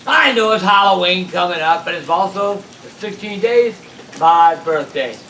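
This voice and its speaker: Storyteller in his sixties, folksy, relaxed, high-pitched voice, faint rain in the background, roomy sound. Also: normal speed, slight background noise. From South Carolina. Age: 60s. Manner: folksy, drawling, plain-spoken. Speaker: storyteller host. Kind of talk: casual storytelling. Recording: echoey room, mic at a distance, faint rain.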